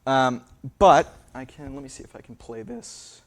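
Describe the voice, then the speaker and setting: A man's voice: mid-range voice, lively intonation, moderate pace. Man lecturing with many fillers. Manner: hesitant, many fillers and restarts. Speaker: linguist giving a lecture. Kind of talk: public lecture. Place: theater.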